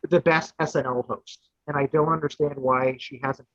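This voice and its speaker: A man, a guest contestant, telling a rambling, animated anecdote in casual chat. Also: mid-range voice, normal speed, no room sound. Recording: dull lo-fi dry audio.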